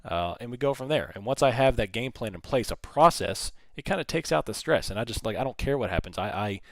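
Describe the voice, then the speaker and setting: A man hosts a live trading stream, commenting on the chart and fielding viewers' questions while talking to the chart as if urging it on. His medium-pitched voice is lively and fairly quick, with some vocal fry, and there's no echo.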